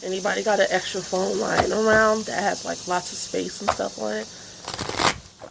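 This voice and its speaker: Woman, casual rambling tarot vlogger, low gravelly voice. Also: heavy background noise. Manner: rambling, chatty, many fillers. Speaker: tarot reader. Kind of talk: casual astrology and tarot vlog.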